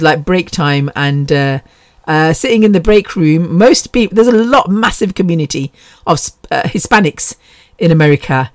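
A woman's voice: on the low side, no echo. Chatty British woman, dry close sound. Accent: British English. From England. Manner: chatty, laughs often, swears freely. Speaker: podcast host. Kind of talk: casual solo podcast monologue.

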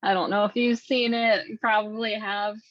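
A woman's voice: mid-range voice, steady tone, normal speed, a bit bright, dry recording, dull audio. A woman co-hosting a podcast, reading silly scripts aloud in casual chat and often breaking into giggles. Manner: giggly, keeps breaking into laughter while reading. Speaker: podcast co-host.

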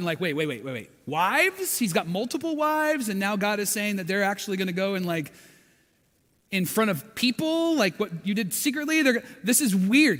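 A man preaching a sermon, retelling a story dramatically with big swings from hushed to loud. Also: high-pitched, in a large hall. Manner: dramatic storytelling, acting out quotes with swings in volume.

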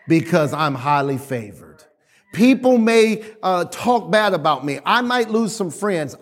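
A man preaching a sermon with emphatic call-and-response, repeating phrases and exhorting the congregation. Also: high-pitched. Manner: repetitive, exhorting, varies volume widely.

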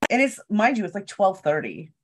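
A woman's voice: mid-range voice, very animated, fairly quick. A woman telling a story in casual chat, acting out what people said and swearing freely.

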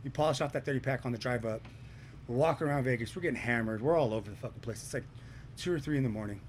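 Young man, mid pitch, swearing, animated storytelling, faint background noise. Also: racing. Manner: profane, animated, swears a lot. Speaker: podcast storyteller. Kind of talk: casual storytelling with friends.

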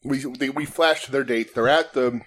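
Man, host, casual chat, joking, curious, medium pitch. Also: normal speed, a bit bright. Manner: joking, asks questions.

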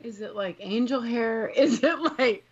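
A woman co-hosting a casual chat, loud, excitable and quick to swear and laugh. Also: on the high side, slightly rough, muffled recording. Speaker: podcast co-host.

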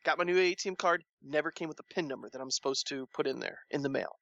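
A man chatting casually, telling a long story with animated delivery and acting out the people he quotes. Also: quick pace, dry recording, muffled recording. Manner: animated storytelling, acts out quoted lines with rising pitch. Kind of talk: casual chat.

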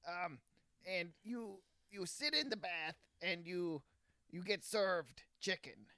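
A man's voice: high-pitched, animated, slow, bright, forceful tone, no echo, clean studio sound, exaggerated voice. A man playing a bumbling Canadian race car driver who stumbles over his words in an improvised comedy interview. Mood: deadpan.

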